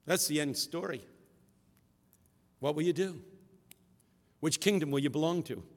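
A man preaching a sermon with call-and-response rhythm, swinging from shouts to hushed tones in a large hall. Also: on the high side, unhurried. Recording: echoey hall reverb.

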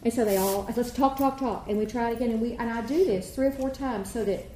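A woman choir director leads a workshop, talking through posture and warm-ups and breaking into sung vowels to demonstrate. Her voice sits a little high and sounds mellow and soft-edged. The room is echoey, with a faint hum of ambience behind her. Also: quick pace.

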